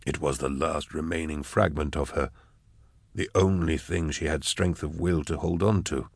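A man voicing a weary, grave male inquisitor who speaks low and measured. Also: fairly even intonation, gravelly, husky, dry recording, clean studio sound, exaggerated voice.

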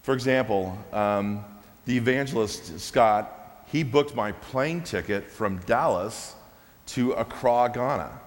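A man telling a personal testimony during a church service, animated and laughing at his own story. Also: medium pitch, slow. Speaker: preacher sharing a testimony. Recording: long hall reverb.

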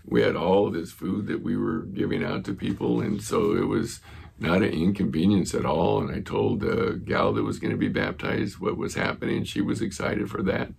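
Low, deeply gravelly male pastor. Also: normal speed, a little mellow. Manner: earnest, retells conversations. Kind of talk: sermon with storytelling.

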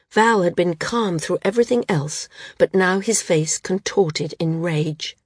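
A woman narrating a novel audiobook in a steady storytelling manner. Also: on the low side, a little slow, hardly any pauses, slightly rough, no echo, clean studio sound. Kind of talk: scripted narration.

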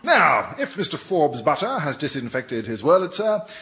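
A man playing a pompous boarding school headmaster in a radio comedy sketch, making booming announcements. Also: very animated, normal speed, pushed and bright, a little hiss or hum, full character voice. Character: stern shouting boarding school headmaster, man, middle-aged.

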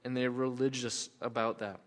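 This middle-aged pastor speaks in a mid-range voice with little pitch movement at a moderate pace. His sermon feels conversational, and he repeats key phrases for emphasis while a long hall reverb trails behind him.

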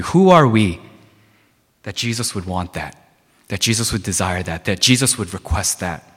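A man's voice: on the low side, animated, moderate pace, slightly rough. A man preaching a sermon as a pastor, emphatic and repetitive, with many rhetorical questions. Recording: long reverb of a large hall.

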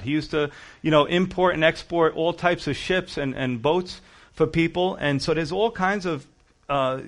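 Animated preaching man, higher voice. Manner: animated preaching, acting out quoted characters. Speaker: pastor. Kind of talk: sermon.

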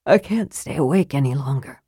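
A woman voicing an earnest young warrior man who pleads softly and talks with a hushed, worried sincerity. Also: a bass voice, animated, fairly quick, slightly rough, no echo, clean studio sound, heavily acted.

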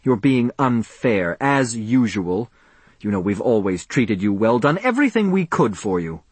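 A man's voice: fairly low pitch, big pitch swings, measured pace, husky, dry recording, exaggerated voice. A man reading an audiobook, voicing an indignant, pompous older professor who scolds and blusters. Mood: scolding. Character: pompous irate male professor.

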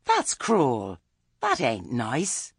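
A man's voice: mid-range voice, wildly swooping pitch, drawn-out words, breathy edge, dry recording, clean studio sound, heavily acted. A man voicing a blunt, earthy old witch grandmother who snaps back with rustic speech. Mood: snappish.

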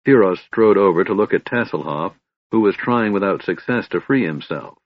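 A man narrates a fantasy audiobook in a measured, steady delivery. His voice is fairly low and husky, recorded close and dry, with slightly dull audio. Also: dry recording.

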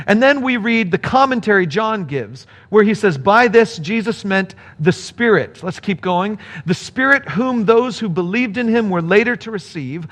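Male pastor, sermon delivery, high-pitched, earnest, shifting pace for emphasis. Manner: earnest, animated preaching with quick bursts and slowed emphasis. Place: speaking to a remote congregation.

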